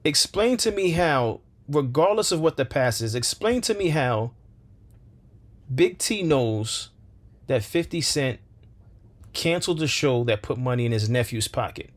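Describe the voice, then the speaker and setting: Man, commentary host, impassioned, rhetorical questions, repeats himself, mid pitch. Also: lively intonation, unhurried. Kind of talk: opinion commentary monologue.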